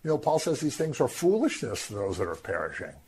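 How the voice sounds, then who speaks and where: Man, scripture teacher, husky, very lively pitch. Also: a little fast. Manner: animated, acts out voices of the crowd. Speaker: Bible teacher.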